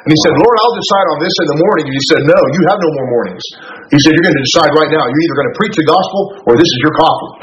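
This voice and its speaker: A man's voice: on the high side, over a noisy crowd. A man retelling a story on a radio talk show in a folksy way, quoting each person's dialogue as he goes. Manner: rapid, folksy retelling full of quoted dialogue. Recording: echoey, dull radio recording with noise.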